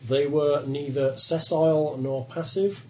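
A man runs a tabletop game, narrating in a measured, plain voice. His tone is mellow and dark. A faint room hiss sits behind him. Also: fairly high pitch, steady tone, rough recording. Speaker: game master.

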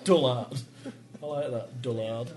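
A man's voice: mid-range voice, steady tone, measured pace, heavy background noise. A man running a tabletop game as game master, casual and joking.

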